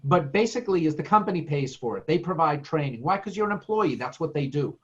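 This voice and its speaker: A man's voice: a little high, lively intonation, fast, a bit bright, highs cut off. A middle-aged man giving earnest, emphatic career advice as a guest in a podcast interview, with plenty of fillers. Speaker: guest speaker.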